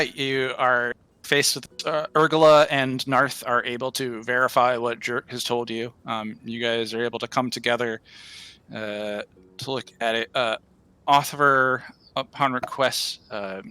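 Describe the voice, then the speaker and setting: A man narrating as game master of a tabletop game, with a bright, forceful voice. He talks in a halting way, full of fillers and restarts, at a middle pitch. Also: clean tone.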